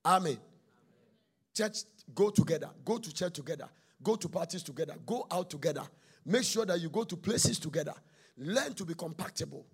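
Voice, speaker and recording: A man preaching a sermon on marriage, telling stories dramatically, acting out quarrels, and swinging from hushed tones to shouting. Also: a little high, lively intonation, fairly quick, slightly rough.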